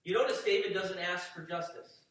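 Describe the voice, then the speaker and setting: A man's voice: high voice, little pitch movement, brisk, fairly bright tone. A man preaching a sermon, reading scripture and then building to fervent emphasis with repeated phrases. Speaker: pastor. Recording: echoey hall, distant mic.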